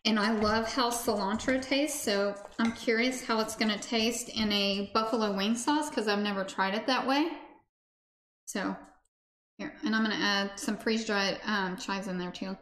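Here a woman with a mid-range, fairly bright voice talks at a moderate pace and in a steady tone. She hosts a casual cooking livestream from her home kitchen, bubbly and chatting with viewers while cooking, in an echoey room with faint background noise.

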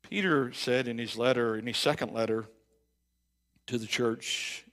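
Bright-voiced male pastor preaching conversationally. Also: mid-range voice, fairly even intonation, measured pace. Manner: conversational preaching with frequent restarts and repeated words; swings from loud emphatic bursts to quiet reflective stretches. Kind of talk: sermon. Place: church sanctuary.

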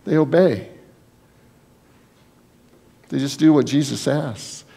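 A man preaching a sermon as pastor, telling Bible stories in a lively way and acting out the people in them. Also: medium pitch, slow pace, creaky, slightly rough. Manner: storytelling, acts out Bible scenes in quoted voices.

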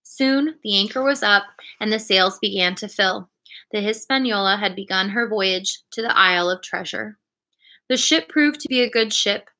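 A woman reading a children's adventure story aloud in a clear storytelling manner. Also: mid-range voice, normal speed, sharp tone. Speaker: reader.

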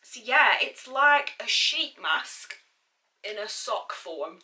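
Bright-voiced bubbly young woman. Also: a little high, expressive, recorded from a distance. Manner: bubbly, gushing, quick asides. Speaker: beauty YouTuber. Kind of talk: chatty beauty haul vlog.

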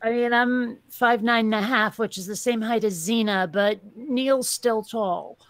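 A woman hosting a live stream in casual chat, rambling and quick to laugh. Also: fairly high pitch, no room sound.

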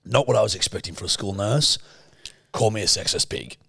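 A man's voice: fairly low pitch, brisk, creaky, fairly bright tone, slightly rough, dry recording, studio quality. A young Australian man co-hosting a podcast, telling rambling stories in casual chat, crude and swearing freely. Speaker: podcast co-host.

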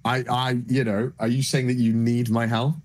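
A man's voice: mid-range voice, flat delivery, normal speed, darkish tone. A man streamer in casual banter, smugly teasing and mock-stern with his co-host.

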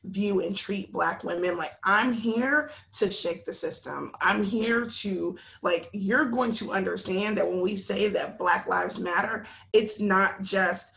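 A woman in her thirties, a podcast guest, telling a story in a lively, animated way, often laughing. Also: medium pitch, slow, vocal fry, hardly any pauses. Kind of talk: casual podcast conversation.

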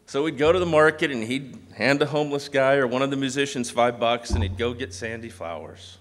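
A man giving a memorial speech, telling animated anecdotes and mimicking voices. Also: medium pitch, a little fast, hardly any pauses. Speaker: eulogy speaker. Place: large hall. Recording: long hall reverb.

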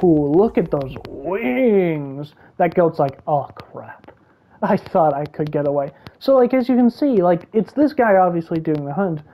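A woman giving excitable gameplay commentary, gasping and exclaiming as she reacts. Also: lowish voice, dull audio. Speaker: gaming YouTuber.

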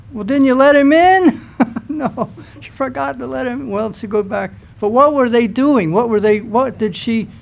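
A man preaching a sermon to a church congregation, telling scripture stories in an animated way. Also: high voice. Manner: animated storytelling, acts out scenes.

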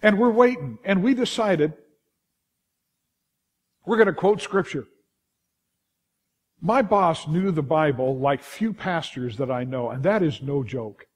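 A middle-aged man with a Californian accent, preaching a sermon in a lively storytelling way, full of restarts and asides to the congregation. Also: fairly high pitch, unhurried, long pauses, husky. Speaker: pastor.

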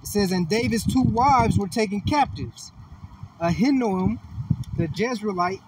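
A man reading scripture aloud at a bible study in a steady manner. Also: high voice, a little slow. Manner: steady reading, short affirmations. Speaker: scripture reader. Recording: distant mic with light noise.

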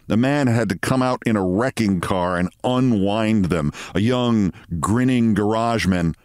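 Male host, story reading, low voice, measured and expressive. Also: no echo, clean studio sound.

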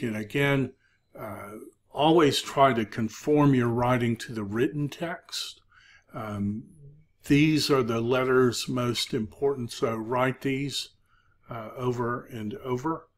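Guy teaching a video lesson, talks slow, lots of uhs and ums, mid pitch. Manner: halting, frequent filler sounds while explaining. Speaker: Greek instructor. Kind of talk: recorded video lecture.

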